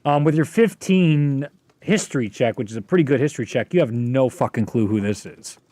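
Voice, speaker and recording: A man's voice: medium pitch, lively intonation, brisk, mellow. A man running a tabletop game as game master, casual and profane, with many fillers.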